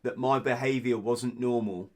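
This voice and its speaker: A man's voice: mid-range voice, fairly even intonation, a little mellow. Blunt, sweary British man. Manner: blunt, sweary, halting restarts. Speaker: podcast guest, author. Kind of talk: casual candid storytelling.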